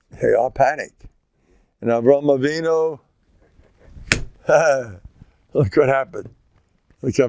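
Folksy older rabbi, dry close sound. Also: male voice, medium pitch, creaky, no room sound. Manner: folksy and joking, sprinkles Yiddish and Hebrew words; animated, jumps between teaching and banter. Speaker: rabbi giving a lecture. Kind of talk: informal Torah talk.

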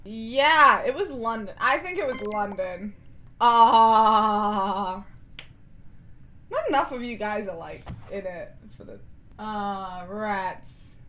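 A woman's voice: mid-range voice, lively intonation, slow pace, fairly bright tone, slight background noise. A woman streamer chatting playfully and giggling through a game with her viewers. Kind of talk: gaming commentary with viewers.

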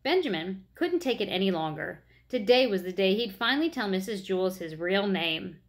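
A woman reading a children's chapter book aloud, with expressive narration. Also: mid-range voice, normal speed. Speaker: reader.

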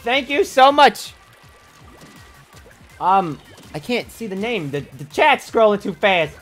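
A theatrical man commentating his own live game stream. His pitch leaps around a great deal, dropping to mumbles and then jumping into mock-dramatic yells. Faint background music plays under his voice. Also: big pitch swings, slow. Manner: theatrical, swings from mumbling to yelling.

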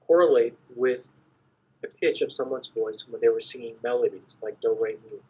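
A man giving a measured, explanatory academic lecture as an invited conference speaker. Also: mid-range voice. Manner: measured, explanatory, clears throat at times. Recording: dull lo-fi recording.

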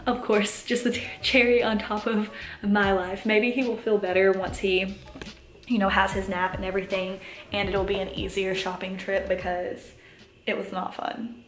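A woman's voice: medium pitch, little pitch movement, moderate pace, echoey room. A young woman vlogging as a mom at home, chatty and candid, a bit tired, laughing often, talking to the camera. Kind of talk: casual vlog chat to camera. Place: home, indoors. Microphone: camera mic.

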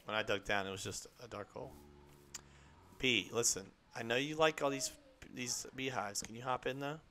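A young man streaming a game live, chatting in a rambling, excitable way to his viewers and to the creatures on screen. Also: mid-range voice, normal speed. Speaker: gaming streamer. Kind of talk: live gameplay chat.

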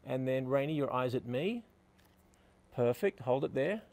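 A man's voice: mid-range voice, expressive, unhurried, darkish tone. A middle-aged man teaching photography outdoors beside a building, directing a couple with upbeat, coaxing praise. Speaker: photography instructor. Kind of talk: on-location teaching, directing models.

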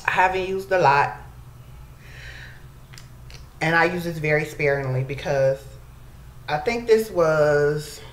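A beauty vlogger chats casually to the camera, calling her viewers y'all in a low voice at a slow pace with long pauses. The room is echoey, with faint noise in the background.

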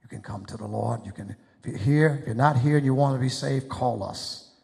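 A man's voice: mid-range voice, brisk, creaky. A preacher man giving an impassioned, pleading sermon invitation in a church sanctuary. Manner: impassioned, pleading, rising to shouts. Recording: echoey church hall.

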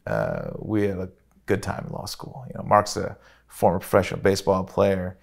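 A middle-aged man recounts a personal memory in an interview. His voice sits low and is deeply gravelly with a husky edge. He speaks earnestly and pauses often to restart his thoughts. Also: huge pitch swings. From Chicago, USA. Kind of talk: reflective personal storytelling.

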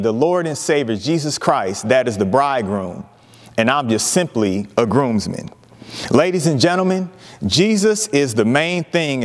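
A man preaching a sermon, emphatic, with dramatic pauses and lively retellings of scripture. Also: mid-range voice, in a large hall. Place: church sanctuary.

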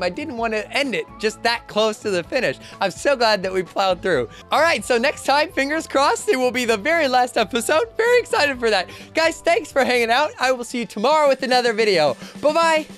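A young man hosting a let's play, chatting excitedly as he plays, laughing and yelping often. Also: extremely high pitch. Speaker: gaming channel host.

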